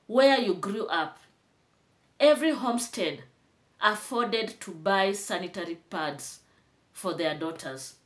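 A young woman with a Kenyan accent talks straight to her viewers in a casual commentary vlog. Her voice is bright and forceful, at a middle pitch for a woman. She chats easily, then turns to indignant scolding. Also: lively intonation, slow. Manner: chatty, rising to indignant scolding. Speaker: vlogger.

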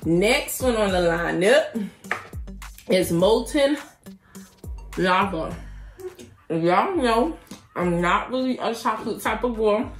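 An excitable, chatty woman doing a casual mukbang-style cookie review for her viewers. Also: medium pitch. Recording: roomy echo with faint music.

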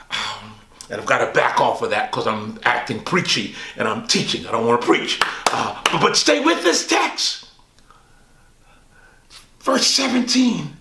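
A male pastor teaching a Bible study, swooping high on quoted lines and asking the listeners questions. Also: creaky, pushed and bright, echoey room.

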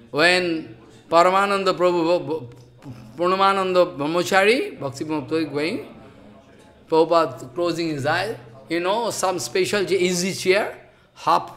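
Man giving a devotional sermon, high voice, broken repetitive phrasing, gets loud then suddenly soft. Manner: halting, repetitive phrasing, emphatic rises and sudden soft drops. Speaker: spiritual teacher.

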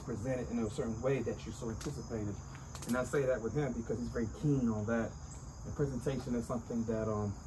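A man shows off sneakers in an easygoing, slang-heavy vlog, looping back to his catchphrases. His voice sits at a middling pitch for a man. He talks outdoors as night falls, with crickets chirping and cars passing clearly in the background. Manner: slangy, chatty, repeats catchphrases. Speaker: sneaker vlogger. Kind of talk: casual hyped sneaker show-and-tell. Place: outdoors at dusk. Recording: outdoor noise with crickets and traffic.

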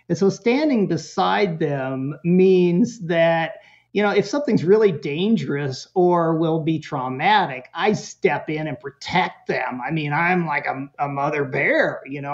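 Man, parenting expert guest, lively storyteller, lo-fi sound. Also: fairly high pitch. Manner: animated storyteller with chuckles and voiced quotes. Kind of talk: storytelling in a podcast interview.

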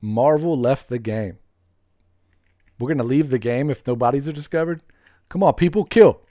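A man streaming a game live, chatting with viewers, greeting them by name, laughing often and getting excited. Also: mid-range voice, moderate pace, no echo, dull audio. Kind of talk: live gameplay commentary with viewers.

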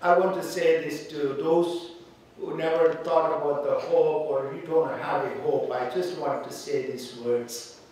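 A man speaks at a funeral in a slow, halting way, full of pauses and fillers, then grows fervent when he reads scripture. He is heard from a distance in a very echoey church hall with faint background noise. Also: fairly high pitch, fairly even intonation, darkish tone. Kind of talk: funeral tribute and scripture reading.

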